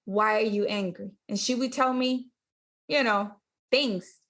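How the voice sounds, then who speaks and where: A woman's voice: on the high side, measured pace, fairly bright tone. A woman co-hosting a podcast, chatting casually and telling stories about her daughter, acting out the lines. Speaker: podcast co-host. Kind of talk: casual chat.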